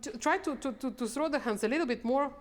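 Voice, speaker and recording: Woman coaching piano. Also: high-pitched. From Sweden. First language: Swedish. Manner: halting, restarting, sings phrases on syllables. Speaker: piano professor. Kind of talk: masterclass coaching. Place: large hall with a piano. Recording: reverberant hall with piano playing.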